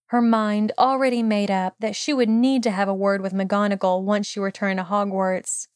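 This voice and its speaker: A woman reads a fan fiction story aloud in a calm, steady storytelling voice. Her pitch is middling for a woman. The sound is dry, with no room echo. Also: moderate pace, smooth. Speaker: narrator. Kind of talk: audiobook reading of fan fiction.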